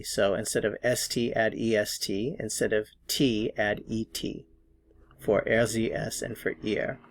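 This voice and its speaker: A man teaching a recorded language lesson, explaining rules slowly and patiently and repeating example sentences. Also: medium pitch, no echo.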